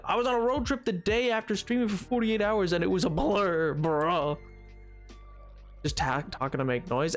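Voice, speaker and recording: A man streaming a game, chatting casually with a rambling, playful, self-mocking way of talking. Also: sits high. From United States. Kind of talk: casual livestream chat while gaming.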